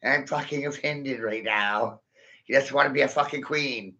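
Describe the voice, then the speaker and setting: Gravelly profane man rhyming off-the-cuff. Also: medium pitch, normal speed, sharp tone. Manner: rhyming wordplay, laughs at own jokes, swears often. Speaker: vlogger. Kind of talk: rambling profane monologue. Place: in his vehicle. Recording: dull lo-fi sound.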